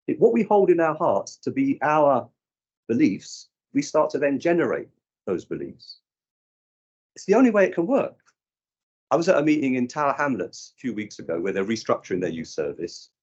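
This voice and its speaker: Uk guy giving a workshop talk, husky voice, lots of ups and downs, kinda dull lo-fi audio. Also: medium pitch, normal speed. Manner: animated storyteller who acts out dialogue. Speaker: youth work trainer. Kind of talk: conference talk with anecdotes. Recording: dull lo-fi recording.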